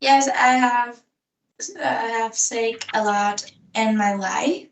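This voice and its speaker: Slow, halting woman, echoey. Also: fairly high pitch, fairly even intonation, a little hiss or hum. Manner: hesitant, halting learner English with pauses. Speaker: English practice partner answering questions. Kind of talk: English speaking practice conversation. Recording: echoey room, voice far from mic.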